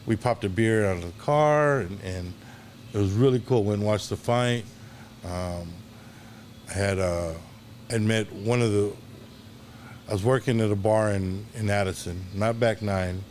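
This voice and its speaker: A man, a longtime bartender, telling animated stories in a casual interview, stumbling and restarting often. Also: on the low side, a little slow, a little hiss or hum. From Dallas, Texas. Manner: animated anecdotes, acts out quoted voices, hesitant restarts. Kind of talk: casual storytelling.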